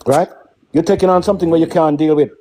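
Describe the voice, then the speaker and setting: A man's voice: fairly high pitch, steady tone, quick pace, mellow, a little hiss or hum. A middle-aged man with a Caribbean accent, talking emphatically as a guest on a casual live stream, often checking in with "yeah?" and "right?".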